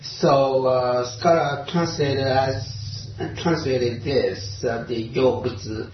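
Man, Zen talk, slow hesitant delivery, dull lo-fi recording. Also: mid-range voice, noisy background. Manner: halting, many pauses and fillers, searching for words. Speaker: Zen teacher. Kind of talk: dharma talk. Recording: roomy, distant, dull lo-fi recording.

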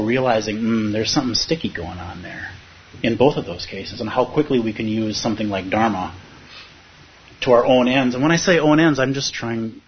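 A man's voice: mid-range voice, lo-fi sound, slight background noise. A man teaching meditation, answering a student's question in a thoughtful, searching way. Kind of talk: dharma talk Q&A.

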